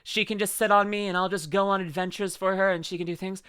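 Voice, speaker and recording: A man's voice: high-pitched, level tone, fast talker, fairly bright tone, smooth, no room sound, studio quality. A man streaming live, chatting casually and rambling playfully with lots of fillers while he reacts to a video.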